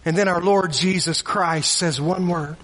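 A man preaching a sermon, retelling a story with repeated words, pauses and voiced quotes. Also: high-pitched, fairly even intonation, fairly bright tone, in a large hall.

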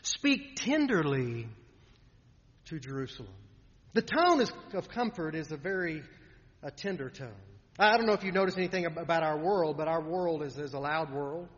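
A man preaching a sermon in an earnest way, often repeating words and trailing off softly at the ends of lines. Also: fairly high pitch, fairly quick. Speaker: pastor. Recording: dull sound in a reverberant hall.

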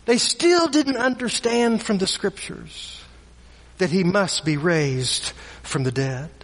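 Male preacher, very high and bright voice, slow deliberate storytelling, echoey hall. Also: animated. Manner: repeats words, dramatic pauses, voices characters in quotes. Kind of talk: sermon storytelling.

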